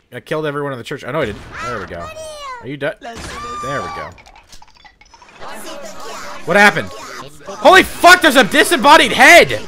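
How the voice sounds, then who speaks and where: A man doing profane, joking commentary over a video game he is playing. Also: a little high. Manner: profane, excitable, sarcastic jokes while playing. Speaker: let's play commentator. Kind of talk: gameplay commentary.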